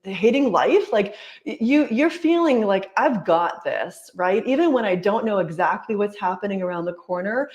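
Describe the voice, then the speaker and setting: A woman's voice: mid-range voice, lively intonation, moderate pace, few pauses, a little mellow, highs cut off. A woman who works as a life coach and yoga teacher tells her story in a casual interview. She is earnest and chatty, and she keeps saying "like" and "right?".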